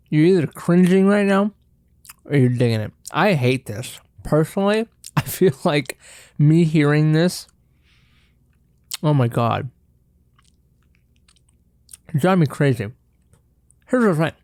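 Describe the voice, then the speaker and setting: A man's voice: fairly high pitch, lively intonation, slow, pauses often, darkish tone, no echo, studio quality. A man hosting a casual solo podcast, talking loosely with joking swears and chewing chocolate on the mic. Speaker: podcast host. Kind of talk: casual solo podcast chat with eating sounds.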